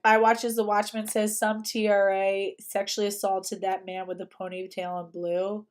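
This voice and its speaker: A woman's voice: medium pitch, level tone, normal speed. A young woman hosting a livestream, talking casually and emphatically and often repeating herself. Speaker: livestream host.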